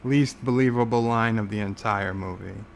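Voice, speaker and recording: A man's voice: on the low side, moderate pace, gravelly, a little hiss or hum. A man hosting a casual livestream from home, rambling sarcastically with many filler words. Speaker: livestream host.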